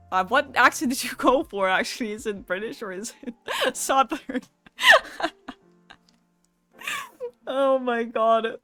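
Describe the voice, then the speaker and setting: A woman's voice: medium pitch, sharp tone. A young woman streamer chatting casually and reading viewer messages aloud, swearing freely in a loose, joking way. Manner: casual, profane, quick to laugh.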